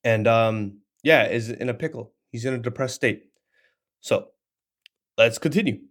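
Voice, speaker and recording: A man's voice: mid-range voice, measured pace. A man in his twenties reading a scripture chapter aloud and commenting on it in an emphatic, casual, slangy way. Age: 20s. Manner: animated, emphatic, slangy asides.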